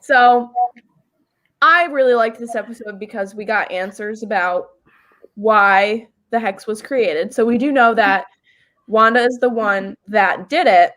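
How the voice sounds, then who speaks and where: A woman's voice: a little high, measured pace, a bit bright. A woman hosting a casual fan discussion over a video call, earnestly explaining at length. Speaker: show host.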